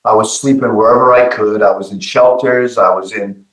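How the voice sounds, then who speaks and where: A middle-aged man telling a personal testimony in an earnest, halting way, often repeating his words. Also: on the low side, steady tone, fairly bright tone, reverberant, low-quality recording. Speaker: guest giving testimony.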